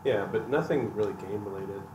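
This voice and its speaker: A low-voiced man talks in a relaxed, rambling way on a gaming podcast. He is miked from a distance in an echoey room. Noise is clear behind him. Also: fairly quick. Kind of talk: casual chat.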